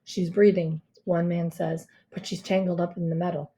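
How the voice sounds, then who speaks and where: Woman putting on a gruff ambulance guy, low clipped orders, dark mellow tone. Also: level tone, moderate pace, lightly acted. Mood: brusque. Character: gruff male ambulance worker, brusque.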